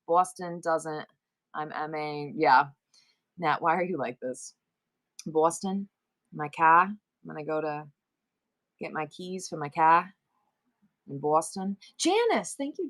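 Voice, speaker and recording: A woman's voice: lowish voice, slow pace, long pauses, fairly bright tone. Playful new york lady selling stuff on a live stream, chatting to viewers. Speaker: livestream seller.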